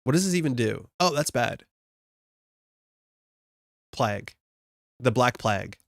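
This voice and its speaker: A man's voice: mid-range voice, animated, unhurried, creaky, no echo, clean studio sound. A young man from Alberta with a Canadian accent, chatting casually and thinking aloud while he builds a card game deck on a live stream, often laughing at himself.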